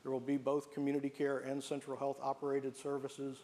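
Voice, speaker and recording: A man, a health system executive, giving a measured presentation to a room of staff and listing services one by one. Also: medium pitch, monotone, darkish tone. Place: meeting room with a live staff audience.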